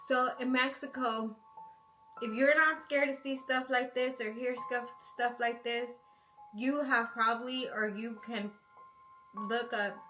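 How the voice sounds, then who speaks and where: Girl telling a creepy story, kinda high voice, lots of likes and you knows, faint music behind. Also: pushed and bright, rough recording. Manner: chatty, full of "like" and "you know" fillers. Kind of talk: casual spooky storytelling.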